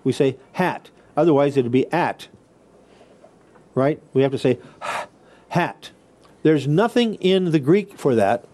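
Mellow-voiced man teaching Greek. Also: a little high, expressive, fairly quick, hardly any pauses. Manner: explanatory, repeats and restarts phrases; checks in with listeners often. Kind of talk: classroom lecture.

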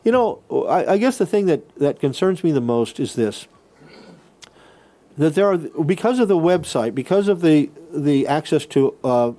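A man's voice: on the high side, animated, moderate pace, dark tone. A man teaching a Bible lesson on a podcast, reading quoted passages aloud and explaining Greek words step by step.

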